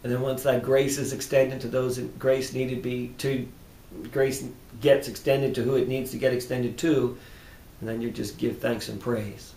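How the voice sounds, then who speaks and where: A man who practices tapping therapy, speaking calm, repetitive self-affirmations that often drop to a hushed tone, then explaining his method. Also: normal speed. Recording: roomy echo with faint rumble.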